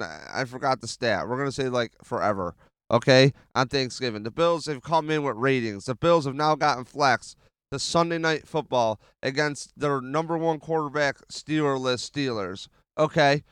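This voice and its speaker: Profane, excitable man ranting about football. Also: a little high, clear, resonant tone, dry recording, clean studio sound. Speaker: podcast host. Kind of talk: casual sports podcast rant. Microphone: handheld mic.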